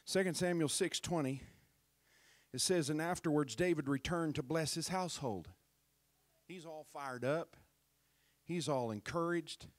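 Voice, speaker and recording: Slow, dry-voiced man preaching. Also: fairly high pitch, no room sound. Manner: conversational preaching with rising shouted climax. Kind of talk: sermon. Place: church.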